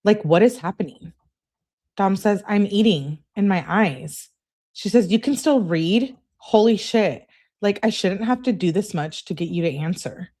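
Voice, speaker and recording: A woman's voice: mid-range voice, normal speed, darkish tone. A woman hosting a true crime channel, reading text messages aloud and adding emphatic, exasperated asides.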